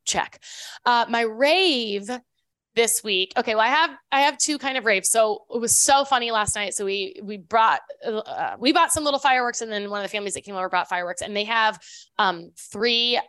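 A woman's voice: fairly high pitch, normal speed, a bit bright, smooth, dry recording. A woman co-hosting a podcast in casual chat, rambling with lots of fillers and restarts. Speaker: podcast co-host.

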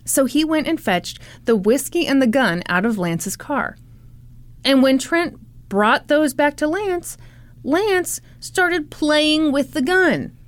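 A woman's voice: high-pitched, expressive, takes it slowly, no echo. Sarcastic woman telling a crime story. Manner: sarcastic, laughing asides, swearing. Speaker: podcast co-host and storyteller. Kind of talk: casual comedic true-crime storytelling.

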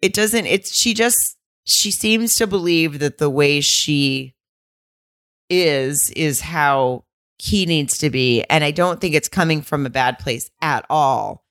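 A woman with a notably low voice talking casually on a podcast. She is frank and swears freely, and she acts out other people's lines as she goes. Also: slow, a bit bright. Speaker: podcast co-host.

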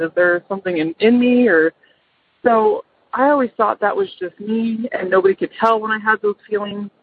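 A woman's voice: medium pitch, slight background noise. A middle-aged mother calling in to tell a personal ghost story, hesitant, with many ums and restarts. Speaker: caller. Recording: phone line.

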